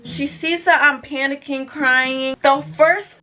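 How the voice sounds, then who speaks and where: A young woman telling a storytime vlog in an animated, sassy way with mocking asides. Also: high-pitched, slow, a little hiss or hum. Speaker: YouTuber.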